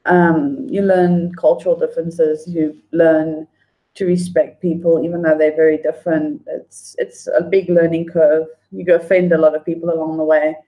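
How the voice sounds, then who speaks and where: A woman's voice: sits low, little pitch movement, normal speed, warm tone, low-quality recording. A woman chatting casually on a livestream, greeting viewers by name. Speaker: livestream host. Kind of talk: casual livestream chat, reading viewer comments.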